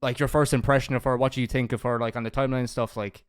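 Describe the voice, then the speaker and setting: A man's voice: mid-range voice, flat delivery, very fast, clear, resonant tone. An Irish man guesting on a podcast, chatty and teasing with crude jokes. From Ireland. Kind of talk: casual podcast chat.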